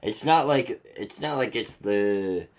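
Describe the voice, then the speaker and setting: A man's voice: fairly low pitch, expressive, takes it slowly. Swearing, drawling man on a podcast. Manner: profane, drawling, lots of "dude". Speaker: podcast co-host. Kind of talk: casual podcast chat.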